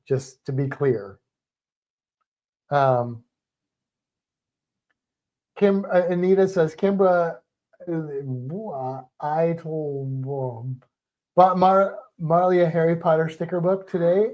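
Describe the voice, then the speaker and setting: A man co-hosting a casual livestream with a warm, mellow voice. He rambles through stories in an animated way and restarts his sentences often. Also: a little high, muffled recording. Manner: rambling, self-interrupting, animated storytelling. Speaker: livestream co-host. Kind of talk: casual chat with viewers.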